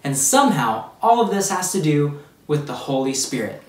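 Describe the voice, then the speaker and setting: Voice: mid-range voice, very animated, moderate pace. Upbeat kids' Bible teacher in an echoey room. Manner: upbeat, speaks straight to children. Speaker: children's ministry teacher. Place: church room. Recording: roomy echo, distant from the mic.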